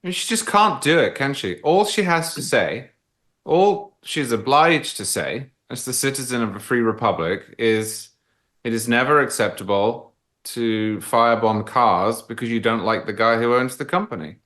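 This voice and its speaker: A man who is a guest commentator on a political talk show, arguing in an articulate, emphatic, measured way. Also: medium pitch, expressive, a bit bright.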